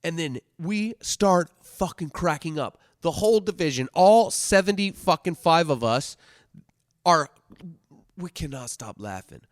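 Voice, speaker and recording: A man hosting a podcast, telling a story in a loose, heavily swearing way, swinging from loud bursts to hushed asides. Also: a little high, lively intonation, measured pace, no echo, clean studio sound. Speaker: podcast host telling stories. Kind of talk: casual storytelling monologue.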